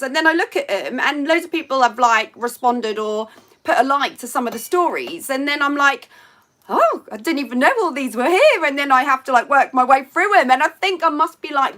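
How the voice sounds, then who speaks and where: Bright chatty woman live streaming. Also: high voice. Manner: chatty, rambling, reads out chat comments. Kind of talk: casual live chat with viewers. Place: at home by a sunny window.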